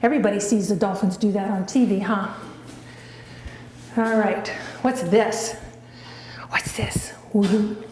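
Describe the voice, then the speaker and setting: A woman's voice: medium pitch, moderate pace, pauses often, darkish tone. A woman training her dog, chatting casually and giving patient, coaxing short commands. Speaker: dog trainer showing her dog's tricks. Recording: echoey room with faint background noise.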